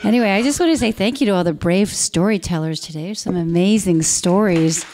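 A woman in her forties, an actress telling a personal story live on stage into a handheld mic, animated and bursting into loud quoted lines. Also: medium pitch, brisk. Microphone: handheld stage microphone.

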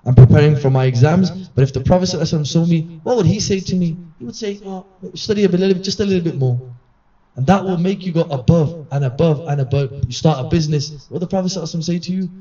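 A man's voice: on the high side, racing, hardly any pauses, dark tone. A man giving an earnest, conversational religious reminder to a gathering. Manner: earnest, conversational, acts out quoted voices. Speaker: religious teacher. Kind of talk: sermon-style reminder at a gathering. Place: gathering hall. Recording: distant mic, dull lo-fi sound.

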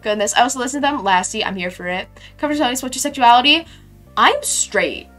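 A young woman streaming a game, chatting casually and reading her chat aloud with sudden excited squeals. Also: fairly high pitch, fast, faint music behind.

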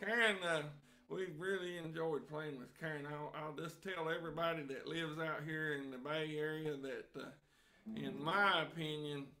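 A man's voice: a little high, steady tone, normal speed, bright, forceful tone. A man, chatting in a folksy, joking way as a fiddler leading an online jam over a video call. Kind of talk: casual chat between tunes. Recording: video call with music behind.

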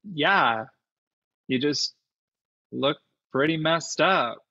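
Woman as a young college guy, deep husky voice, dull lo-fi sound, blunt. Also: expressive, very slow, bright, forceful tone, heavily acted. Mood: awkward, confrontational. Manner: awkward, then blunt and confrontational. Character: young male college student, defensive and blunt. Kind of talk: livestreamed stage play performance.

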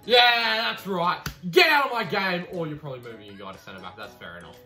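A young man commenting on his own football video game matches, cheeky and swearing, his voice leaping high when he scores. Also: big pitch swings, fairly quick. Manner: cheeky, swears, bursts into high shouting over goals. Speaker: gaming YouTuber. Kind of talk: excitable gameplay commentary. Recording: roomy echo with faint music.

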